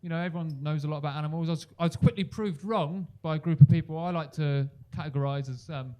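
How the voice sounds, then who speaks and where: A young man performs a stand-up set on a club stage into a handheld mic, talking at a quick pace. He's animated, leaping into loud, high-pitched voices for the people in his stories.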